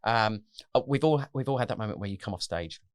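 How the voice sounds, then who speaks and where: Enthusiastic host, dry sound. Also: male voice, lowish voice, expressive, quick pace, clear, resonant tone, no echo. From United Kingdom. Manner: enthusiastic, exclaims often, acts out audience voices. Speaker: podcast host. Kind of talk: casual chat.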